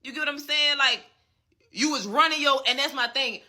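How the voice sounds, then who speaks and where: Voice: high voice, moderate pace, bright, forceful tone. A vlogger delivering a fired-up, profane commentary rant and repeatedly checking in with the listener. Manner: emphatic and profane, often asking "you get what I'm saying". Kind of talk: ranting commentary.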